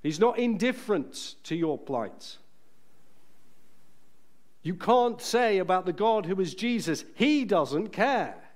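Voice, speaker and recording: A man preaching a sermon in a church, earnest and emphatic, slowing down to stress key phrases. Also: high voice, animated, darkish tone.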